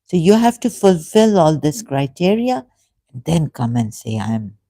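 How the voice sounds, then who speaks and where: Speaking to camera in an emotional monologue, this religious video commentator has a dark but fairly high voice with big swings in pitch. His delivery is halting and full of fillers and restarts, earnest and pleading. The sound is dry.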